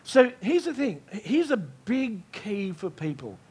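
A male preacher with a strikingly high voice delivers his sermon emphatically. He circles back on key lines and keeps checking that the room is following him. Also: very animated, slow pace, darkish tone, husky. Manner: emphatic, repeats key phrases, checks in with listeners.

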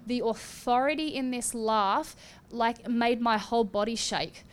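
A woman preaching and giving prophecy in a fervent charismatic style, with rising exclamations and sharp gasps. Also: a little high, a little slow. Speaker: prophetic minister.

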